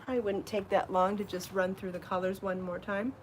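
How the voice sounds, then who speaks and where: A woman hosting a live crafting show, chatty and enthusiastic, out of breath from rushing around and trying on garments. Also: medium pitch, level tone, a little hiss or hum. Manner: chatty and enthusiastic, laughs at herself. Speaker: podcast host showing her yarn designs. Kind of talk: casual live show chat.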